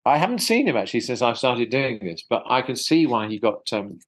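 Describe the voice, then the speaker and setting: A voice actor from South London, England, chats thoughtfully as a guest in a casual interview over a video call, often restarting small bits of his sentences. His mid-range voice is sing-song and a little fast, and the recording is rough.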